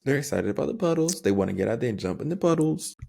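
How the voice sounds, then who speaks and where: Animated, laughing male podcast co-host. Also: mid-range voice, quick pace, vocal fry. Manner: animated, laughs often, loose slangy talk. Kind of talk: casual podcast chat.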